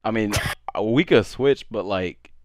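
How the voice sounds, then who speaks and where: A man's voice: lowish voice, slow pace, no room sound, clean studio sound. A young man, drunk, chatting casually on a streamed dating show, rambling and stuttering with lots of slang. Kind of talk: casual chat.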